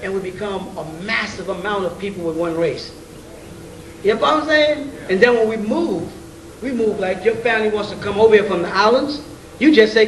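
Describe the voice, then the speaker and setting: A high-pitched man speaks at a normal pace, giving an informal, slang-filled lecture to a roomful of listeners. He cracks jokes, chuckles between points, and keeps posing rhetorical questions. The recording sounds roomy and distant, with a faint hiss.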